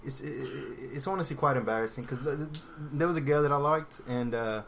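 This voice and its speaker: A man's voice: medium pitch, fairly quick, slight background noise, close to an everyday voice. A man on a casual podcast putting on a clumsy mock British accent that keeps drifting toward Australian, telling a story with many hesitant restarts.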